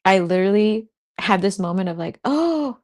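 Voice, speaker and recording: A woman chatting casually on a livestream, laughing often as she reacts to what viewers say. Her voice sits low with a gravelly fry running through it. She talks like a spiritual host among friends. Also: unhurried, darkish tone. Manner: giggly, laughs often between remarks.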